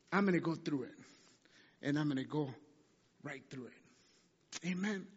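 A man preaching a sermon, animated and asking the congregation question after question. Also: high voice, moderate pace, long pauses. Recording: dull sound with long hall reverb.

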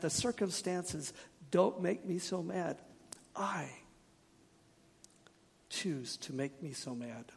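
Male pastor, sermon, husky gravelly voice, slightly high pitch, earnest and direct. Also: darkish tone, in a large hall. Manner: earnest, direct, asks the congregation questions; slips in wry jokes.

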